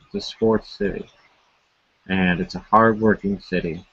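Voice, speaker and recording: Low-voiced man, halting sports talk. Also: huge pitch swings, creaky, a bit bright, no echo, dull audio. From Buffalo, New York. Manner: halting, with many fillers and restarts. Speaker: sports podcast co-host. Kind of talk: casual sports chat.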